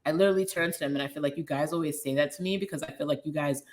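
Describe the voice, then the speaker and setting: A woman in her thirties, from a Liberian American background, speaks in a low, grounded voice. She is a guest sharing her own story openly and candidly. She slips into quoted dialogue as she retells scenes. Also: very fast. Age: 30s. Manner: open, frank, animated retelling with quoted dialogue.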